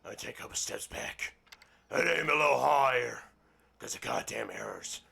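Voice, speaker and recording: A man with a deeply gravelly, husky voice reads a story aloud in slow, unhurried fashion. His tone is bright and forceful as he cuts in with crude, profane jokes at the text's expense. Faint music plays underneath. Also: expressive. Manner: crude mocking asides, profane. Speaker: gaming roleplay streamer. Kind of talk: reading a book aloud with commentary.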